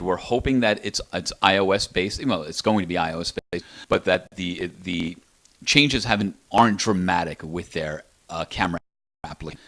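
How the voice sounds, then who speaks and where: Low voiced guy going on about his gadget, eager, lots of restarts, in an apartment. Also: a bit bright. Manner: enthusiastic, rambling with restarts. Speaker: inventor being interviewed. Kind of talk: casual product interview.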